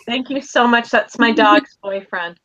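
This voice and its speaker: A woman's voice: a little high, measured pace, bright, forceful tone, dry recording. A woman talking casually as a guest on a podcast, telling playful, joking stories. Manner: playful, jokey storyteller. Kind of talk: casual chat. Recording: slightly dull lo-fi audio.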